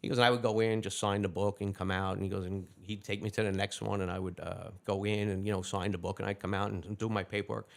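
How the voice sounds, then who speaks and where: A man, a retired police lieutenant telling animated anecdotes as an interview guest, acting out the other people's lines as he goes. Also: on the low side, gravelly. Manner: animated anecdotes with quick quoted dialogue. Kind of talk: casual storytelling interview.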